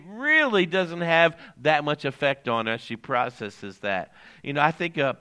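An older man delivers a sermon in a bright, ringing voice that sits a little high. He talks with the congregation more than at them. He circles back to his main phrases and pauses for answers. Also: smooth. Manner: conversational preaching that repeats key phrases and questions the congregation. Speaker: pastor.

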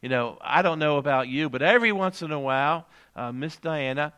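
A man's voice: on the high side, animated, brisk, bright, forceful tone, smooth. An older man, a pastor giving a conversational sermon, repeating key lines and putting questions to his congregation.

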